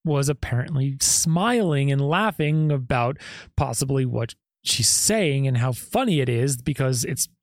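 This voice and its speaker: A man's voice: mid-range voice, expressive, a little slow, no room sound, studio quality. A man hosting a podcast, giving skeptical true-crime commentary full of rhetorical questions. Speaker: podcast host.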